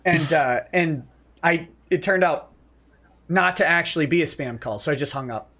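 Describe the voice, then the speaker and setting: A man hosting a casual livestream chat, telling stories with plenty of laughter and animated impressions. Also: fairly high pitch, normal speed. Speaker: livestream host.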